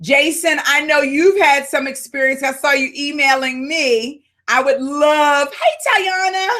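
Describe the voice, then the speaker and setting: High-pitched excitable woman hosting a call. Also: a little slow. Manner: excitable, shouts greetings, fired up; high-spirited. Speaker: business coach hosting a live call. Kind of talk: lively live Q&A call.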